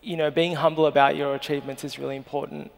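A man's voice: on the high side, little pitch movement, fast talker, vocal fry. A man with an Australian accent in his thirties, speaking earnestly and emotionally as a guest on stage. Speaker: journalist guest. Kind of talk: live stage interview. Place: festival stage. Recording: long hall reverb.

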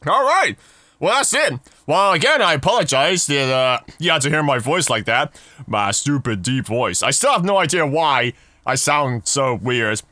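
A man hosting his gaming channel, talking through a horror game and reacting out loud to it. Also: on the high side, sing-song, normal speed, dry recording. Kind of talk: horror game let's play commentary.

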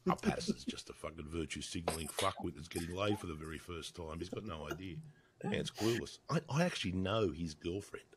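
A man's voice: sits low, a little fast, heavy background noise. A man in his sixties with an Australian accent, a podcast guest talking bluntly and profanely over a video call, laughing often. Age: 60s. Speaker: podcast guest, motorcycle writer. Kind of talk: casual video-call chat.

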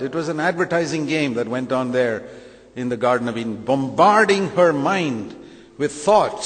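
A man's voice: medium pitch, lively intonation, normal speed. Brief: a male preacher with a mid-range voice, emphatic sermon delivery, long reverb from a big hall. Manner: emphatic, rhetorical questions, acts out quoted voices.

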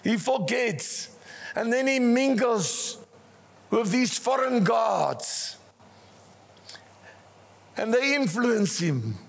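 An older man with a South African accent preaching a passionate sermon, swinging between rising cries and hushed asides, in a church. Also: extremely high pitch, animated, drawn-out words, creaky, long pauses, breathy edge. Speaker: pastor. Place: church hall. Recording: church hall reverb.

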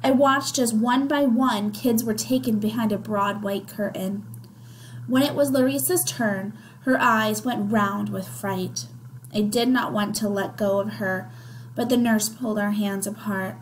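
A woman's voice: mid-range voice, a little slow, slight background noise, rough recording. A woman reading a children's novel aloud, narrating expressively in the first person. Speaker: reader.

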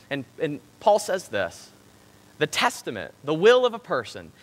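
A man's voice: fairly high pitch, sharp tone. A man preaching a sermon in a church, emphatic and rising and falling for stress. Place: church sanctuary. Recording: long church hall reverb.

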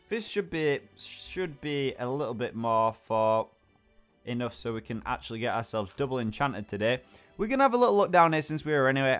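A young man chatting excitably as he plays a game, talking to his pet along the way. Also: fairly high pitch. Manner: chatty and excitable, talks to his pet dog, exclaims at surprises. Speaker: gaming channel host. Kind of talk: let's play commentary.

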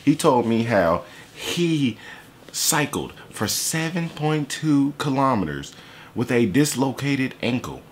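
A man's voice: medium pitch, very animated, slow pace, a little hiss or hum. A young man giving a casual, joking reaction to a song. He swears a lot and slips into mocking impressions of other people. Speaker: YouTuber reacting to a diss track. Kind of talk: casual profane reaction commentary.

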